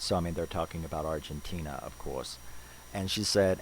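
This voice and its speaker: Deep-voiced male film reviewer, chatty and rambling, faint hiss on the recording. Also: fairly even intonation, normal speed, rough recording. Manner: loose and rambling, full of "you know"s and restarts. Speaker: movie reviewer.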